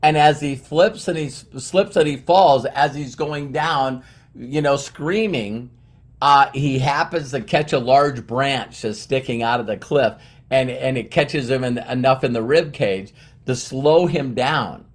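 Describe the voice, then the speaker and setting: A middle-aged man speaks earnestly in a personal motivational monologue, in a voice of ordinary middle pitch. He rambles and restarts his sentences as he works through his thoughts. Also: a little slow.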